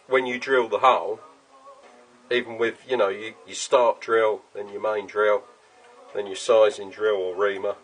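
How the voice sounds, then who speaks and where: A man's voice: lowish voice, a bit bright, poor audio. A man chatting casually while he works in his home garage workshop, explaining each step and swearing now and then. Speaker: workshop maker.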